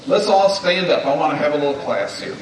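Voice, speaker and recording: A man's voice: a little high, expressive, a little fast, slight background noise. Folksy man preaching in an echoey hall. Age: 50s. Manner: folksy, emphatic, leads the audience in call-and-response. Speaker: speaker at a men's gathering. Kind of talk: sermon on marriage. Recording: echoey hall, distant mic.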